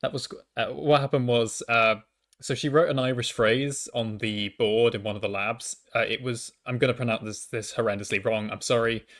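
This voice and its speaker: A man's voice: medium pitch, steady tone, normal speed, a bit bright. A young man, a university student, telling a casual storytime monologue into a microphone at home, often stammering and restarting with self-deprecating asides. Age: young adult.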